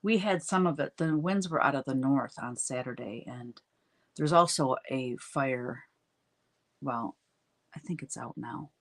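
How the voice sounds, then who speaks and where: A woman's voice: rumbling low, unhurried. A middle-aged woman hosting a casual live stream, greeting viewers and chatting while she crafts, a bit sniffly from allergies. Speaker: livestream host chatting with viewers.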